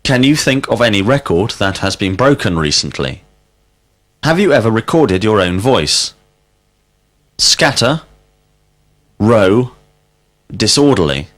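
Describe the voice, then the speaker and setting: A male teacher leading a scripted language drill, asking questions slowly and deliberately and calling out single words as prompts. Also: lowish voice, fairly bright tone. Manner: slow, deliberate questioning with clear word prompts.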